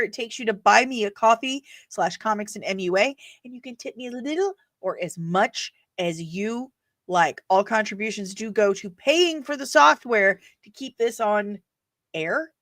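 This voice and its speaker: A woman hosting a casual live stream, chatting playfully with sudden bursts of loud energy. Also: fairly high pitch, moderate pace, no echo, studio quality.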